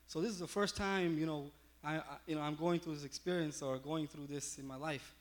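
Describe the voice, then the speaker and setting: A man's voice: fairly high pitch, brisk, hardly any pauses. A man pastor giving a sermon, telling a personal story with lots of fillers and restarts. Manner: animated storytelling with many fillers.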